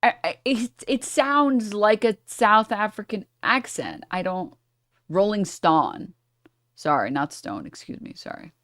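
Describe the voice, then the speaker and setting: A woman's voice: medium pitch, expressive, a little slow, fairly bright tone. A woman streamer reading a news article aloud and breaking off with sarcastic asides and apologies for her misreadings.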